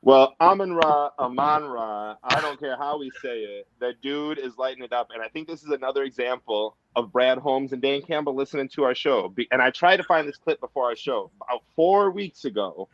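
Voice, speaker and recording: Excitable man with dull lo-fi audio. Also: medium pitch, fairly quick, few pauses. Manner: rambling, enthusiastic, quotes stats. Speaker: podcast co-host. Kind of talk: casual sports chat.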